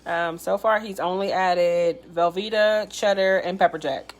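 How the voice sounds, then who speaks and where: A woman's voice: lowish voice, steady tone, unhurried. A woman with a Chicago accent co-hosting a live cooking class, chatting and reassuring viewers by name. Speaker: co-host reading viewer comments.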